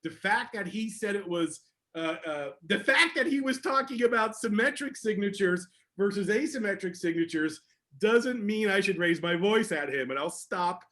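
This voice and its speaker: Excitable high-voiced man, fast and animated. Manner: energetic and emphatic, excitable. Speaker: security educator answering audience questions. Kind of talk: casual online AMA talk.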